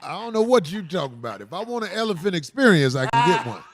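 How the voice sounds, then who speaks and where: High-voiced man joking profanely on a podcast. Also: big pitch swings, fast, crowd noise. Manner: loose, profane, teasing storytelling with heavy slang. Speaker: comedian podcast host. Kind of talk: casual comedic banter.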